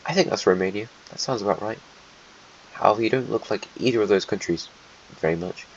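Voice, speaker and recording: A man's voice: fairly low pitch, brisk, highs cut off, a little hiss or hum. A man narrating an alternate history map video in a casual, offhand way, with sarcastic asides and muttering while he draws.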